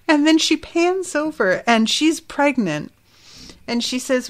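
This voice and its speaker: A woman's voice: fairly high pitch, very animated, takes it slowly. A woman hosting a podcast, recapping an episode in a chatty way with laughing asides and frequent fillers. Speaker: podcast host.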